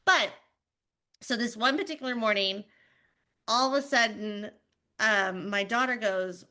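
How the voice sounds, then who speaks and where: A woman in her thirties, a podcast co-host, telling animated stories in casual chat with plenty of fillers. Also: fairly high pitch, unhurried. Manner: animated storytelling with many fillers.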